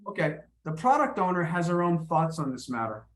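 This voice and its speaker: A man's voice: fairly high pitch, big pitch swings, brisk. A man teaching English in an online video class, encouraging and often repeating his words as he coaches students. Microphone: video call.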